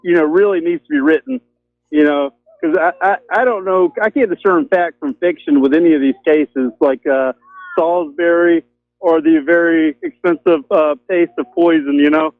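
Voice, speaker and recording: A man's voice: fairly high pitch, normal speed, no echo. A man calling in to a talk show, rambling with lots of ums and you-knows. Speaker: caller. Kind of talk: casual call-in chat. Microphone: telephone. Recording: tinny phone line.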